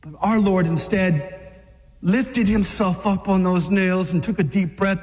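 A man preaching a fiery sermon to men, dramatic, acting out scenes and shouting at the peaks. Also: high voice, unhurried, in a large hall.

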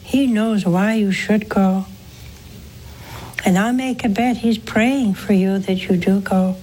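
A woman's voice: medium pitch, slow pace, dark tone, a little hiss or hum, low-quality recording. A woman, a nun hosting a call-in program, preaching earnestly and coaxing her listeners with questions. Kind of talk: preaching and counseling callers.

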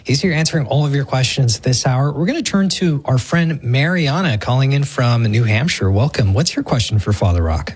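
A man's voice: mid-range voice, animated, moderate pace, few pauses, slightly rough. A man hosting a religious call-in radio show, introducing callers and chatting with the guest. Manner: friendly, conversational. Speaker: radio host.

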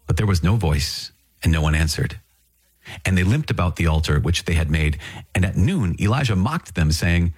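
A man reading scripture aloud in a measured, solemn way. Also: low-pitched, lively intonation, a little mellow, breathy edge, no echo. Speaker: scripture reader.

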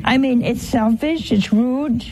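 A woman's voice: on the high side, slow pace, darkish tone, slight background noise, rough recording. A woman giving a homely, conversational sermon, teasing her listeners with rhetorical questions. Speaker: religious teacher.

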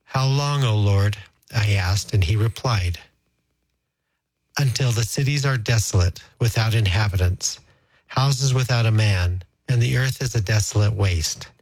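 A man reading scripture aloud in a slow, solemn, measured liturgical style. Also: fairly low pitch, a little mellow, husky, no room sound, low-quality recording. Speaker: scripture reader.

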